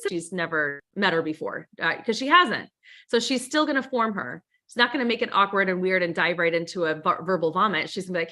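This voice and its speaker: A woman's voice: on the low side, expressive, fairly quick, sharp tone. A woman leading a sales training over a video call, upbeat and coaching, often acting out sample phone calls. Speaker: team leader and trainer.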